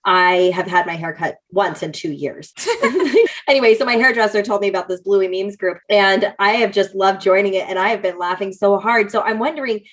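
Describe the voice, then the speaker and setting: A hoarse woman hosting a podcast, chatty and laughing often. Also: medium pitch, moderate pace. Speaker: podcast host. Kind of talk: casual podcast chat.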